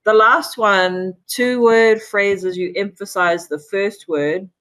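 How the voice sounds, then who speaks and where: A woman takes part in a relaxed one-on-one lesson as the student. She speaks slowly at a middle pitch and asks careful questions. She also repeats the sounds back to her teacher.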